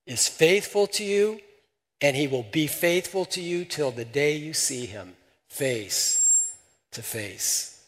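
A man preaching a sermon and leading a prayer, stressing points by repeating words and swinging from loud to soft. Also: a little high, animated, slow, long pauses, big-room sound. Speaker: pastor.

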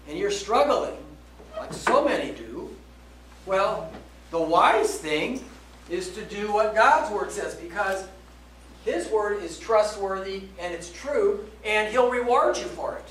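A man preaching a sermon, emphatic, slowing down to stress key words and checking in with "okay?". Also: high voice, expressive, a bit bright, slight background noise. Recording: roomy echo, voice from a distance, faint background ambience.

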